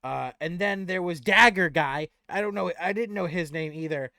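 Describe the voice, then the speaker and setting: Squeaky excited little goblin. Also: male voice, moderate pace, no room sound, clean studio sound. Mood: eager. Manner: squeaky, broken grammar, gushing. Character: excitable small male goblin, eager and humble. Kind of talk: tabletop role-play voice.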